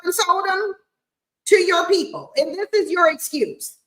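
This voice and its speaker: A woman hosting a livestream, talking in a very high voice. She is blunt and mocking, and she laughs often as she comments. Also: expressive, moderate pace, fairly bright tone, poor audio. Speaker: streaming commentator.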